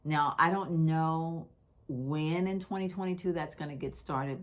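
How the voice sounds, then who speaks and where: A woman's voice: low voice, fairly even intonation, moderate pace. A middle-aged woman with a slight lisp, talking candidly and unhurriedly to her vlog viewers. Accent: Texan. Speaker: vlogger. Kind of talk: casual talk to camera.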